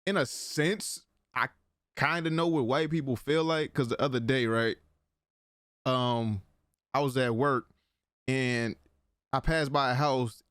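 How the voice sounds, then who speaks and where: A young man co-hosting a casual podcast, talking in a lively, joking way that often leaps into high excited bursts. His voice sits at an everyday middle pitch. The sound is dry and close, with no room around it. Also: dry recording. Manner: animated storyteller, laughs often, jumps into high excited bursts. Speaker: podcast co-host. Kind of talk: casual chat.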